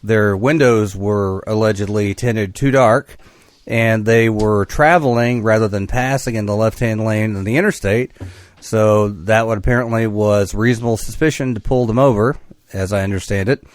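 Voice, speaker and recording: A man co-hosting a casual podcast, talking in a measured, wry way with hedging asides. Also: on the low side, dry recording. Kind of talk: casual conversation.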